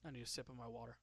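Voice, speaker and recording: A man's voice: mid-range voice, a bit bright, slightly rough. A man chatting casually while drawing, joking about himself and laughing often. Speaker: streamer.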